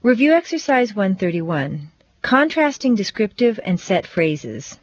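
A woman teaching English pronunciation, reading set phrases and sentences with slow, deliberate, exaggerated stress for learners to repeat. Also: mid-range voice, big pitch swings, dry recording, highs cut off. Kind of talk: scripted pronunciation drill.

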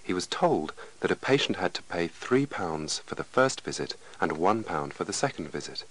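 A man reading English lesson texts aloud as scripted narration, slow and measured. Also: deep voice, sing-song, fairly bright tone, rough recording.

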